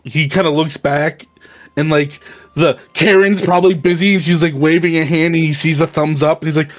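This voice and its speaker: High-voiced joking man at a game table. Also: steady tone, fairly quick, lo-fi sound, faint music behind. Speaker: player. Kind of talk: tabletop role-play narration.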